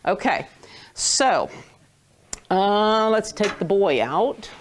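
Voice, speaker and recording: Woman, language teacher, playful, patient, slow delivery. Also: mid-range voice, animated, a little hiss or hum. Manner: patient, playful, drawn-out words when stressing. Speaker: Hebrew teacher. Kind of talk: classroom lesson.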